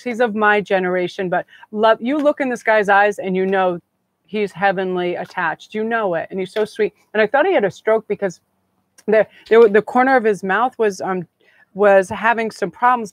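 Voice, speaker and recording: A woman's voice: mid-range voice, dry recording. A middle-aged woman hosting a live tarot reading, talking in a chatty, gushing, meandering way. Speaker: tarot reader and host.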